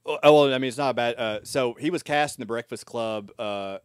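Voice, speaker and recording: A man's voice: medium pitch, a little fast, clear, resonant tone, dry recording, clean studio sound. A man co-hosting a casual movie podcast, rambling through a story with many fillers. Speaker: podcast co-host. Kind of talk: casual chat.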